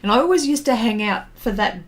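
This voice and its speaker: Brisk, a little high, and lively in intonation, this middle-aged woman's voice carries her art livestream. She draws, reads viewer comments, and rambles through casual reminiscences full of fillers and laughter.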